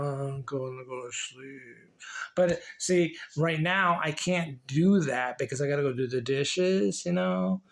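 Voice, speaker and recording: A man vlogging casually and reading from a book, rambling and repeating words with many restarts. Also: a little high. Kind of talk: casual chat and reading aloud.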